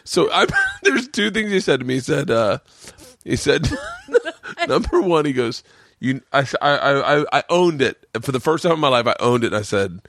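Forties male podcast host, buzzed, rambling profane storyteller; lively pitch, dry close sound. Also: moderate pace, dry recording. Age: 40s. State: tipsy from drinking. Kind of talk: casual storytelling chat.

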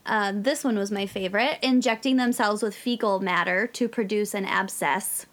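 A woman's voice: medium pitch, normal speed, fairly bright tone. A woman co-hosting a casual podcast, explaining the topic plainly with dry humor. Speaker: podcast co-host.

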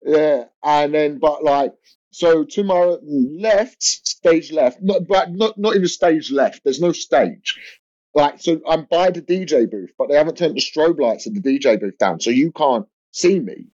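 A man's voice: a little high, unhurried. A young male comedian spins a rambling tale in loose podcast chat. He stumbles over restarts and fillers as he goes. The sound is a bit dull and lo-fi. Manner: rambling, animated storytelling with lots of fillers and restarts. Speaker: comedian guest. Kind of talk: casual anecdote on a podcast. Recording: dull lo-fi audio.

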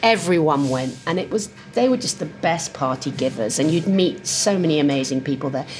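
An older woman from England, telling lively anecdotes and acting out voices over lunch in a restaurant. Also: low voice, brisk, soft background music. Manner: lively storyteller who acts out voices. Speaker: guest. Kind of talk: casual chat.

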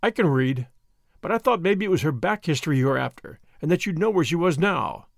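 A man's voice: fairly high pitch, expressive, brisk, vocal fry, dry recording, clean studio sound. A man voicing a brash, impatient businessman in his thirties with an American accent. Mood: blunt. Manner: blunt, impatient.

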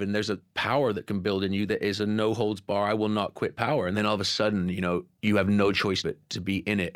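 Male guest, 40s, low voice, emphatic candid storyteller. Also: fairly bright tone. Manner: earnest, emphatic, repeats phrases for effect. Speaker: podcast guest.

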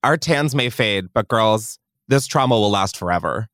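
A man's voice: lowish voice, expressive, normal speed, a bit bright, dry recording, clean studio sound. Crude, rambling young male podcast host. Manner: rambling, crude, self-mocking. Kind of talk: casual podcast chat. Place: recording studio.

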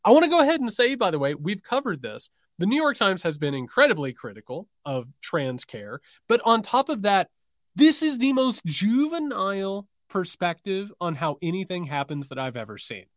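Sarcastic male political podcast co-host, fairly high, animated delivery. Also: moderate pace, no echo, clean studio sound. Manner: sarcastic, reads quotes aloud with mocking emphasis.

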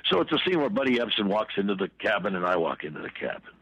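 A man's voice: lowish voice, sing-song, rapid-fire, fairly bright tone, breathy edge, no room sound, muffled recording. An older man, an actor telling rambling stories as a guest in an interview, with many asides and restarts. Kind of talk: casual storytelling.

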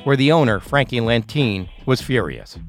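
A man delivering measured, scripted narration for a true-crime podcast. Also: mid-range voice, sing-song, faint music behind.

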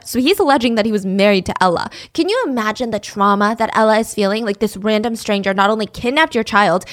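A woman's voice: on the high side, expressive, fairly quick, few pauses. Chatty woman telling a true crime story. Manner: conversational, with blunt opinionated asides. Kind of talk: casual storytelling narration.

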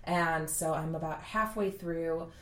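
A woman with a low voice chats cheerfully as a librarian guest, clearly keen on the topic. The sound is roomy and echoey. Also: steady tone, measured pace, a bit bright. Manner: cheerful, enthusiastic. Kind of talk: casual chat.

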